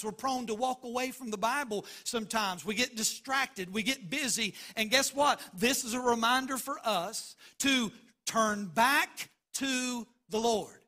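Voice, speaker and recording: A man's voice: very high-pitched, bright, forceful tone. A man preaching a sermon as pastor, emphatic and driving points home by repeating phrases.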